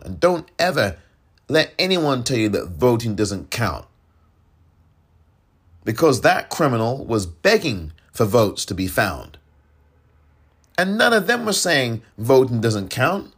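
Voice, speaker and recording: Fiery, husky-voiced male podcast host. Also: medium pitch, fairly bright tone. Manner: fiery, exasperated, mocking others in put-on voices. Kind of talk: impassioned political commentary.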